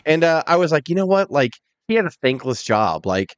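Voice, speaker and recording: A man co-hosting a casual wrestling podcast, talking in an animated, profane way and acting out quotes. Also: mid-range voice, normal speed, clean tone, no echo, muffled recording. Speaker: podcast co-host.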